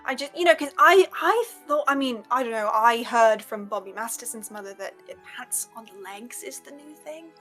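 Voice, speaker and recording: A woman's voice: on the high side, moderate pace, hardly any pauses, bright, forceful tone, soft background music. Woman playing a rambling, flustered woman. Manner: rambling, hedging, self-interrupting.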